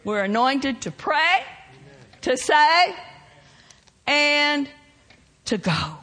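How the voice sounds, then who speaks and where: A woman preaching a sermon, swinging between loud shouted lines and soft hushed ones. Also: high-pitched, big pitch swings, very slow, long pauses.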